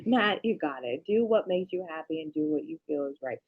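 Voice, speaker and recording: A woman's voice: lowish voice, fairly quick, narrow, tinny audio. A woman chatting casually on a family vlog, laughing often and telling stories with energy. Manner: laughs often, lively storytelling. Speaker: vlogger, family channel mom. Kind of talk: casual chat.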